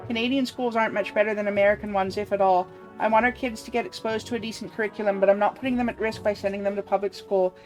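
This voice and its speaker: Quick casual woman streamer. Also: mid-range voice. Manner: quick, casual, reads chat aloud. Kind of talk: live game stream commentary.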